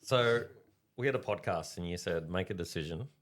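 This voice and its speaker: A man's voice: sits low, moderate pace. A middle-aged man, co-hosting a podcast and telling stories in casual chat. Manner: storytelling, animated, checks in with listeners. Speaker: podcast co-host.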